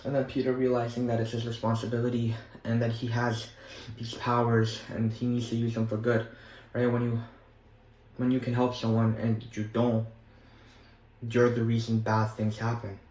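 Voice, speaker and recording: Young guy vlogging, rambly and excited, lots of um and like, echoey room. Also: mid-range voice, moderate pace, slight background noise. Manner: rambling and enthusiastic, with many fillers. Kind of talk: casual chat.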